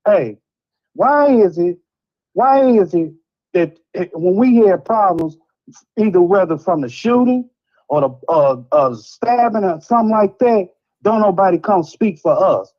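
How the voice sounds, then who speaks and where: A man's voice: high-pitched, expressive, measured pace, lo-fi sound. A man from Chicago calling in to a live show, ranting in a frustrated, rambling way and repeating himself. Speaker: caller. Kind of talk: heated call-in rant.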